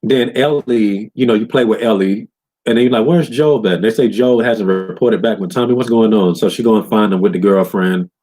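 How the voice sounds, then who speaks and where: A man in a loose, profane rant recapping a video game, often breaking into higher voices to quote characters. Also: steady tone, fairly quick, mellow. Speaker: gaming commentator.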